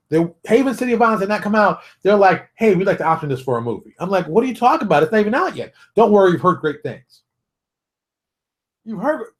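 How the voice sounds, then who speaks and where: Middle-aged male host, rapid rant-style monologue, emphatic, mid-pitched. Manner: emphatic, rants, repeats phrases, acts out quotes. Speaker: host of a daily tabletop games industry show. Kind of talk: casual solo monologue.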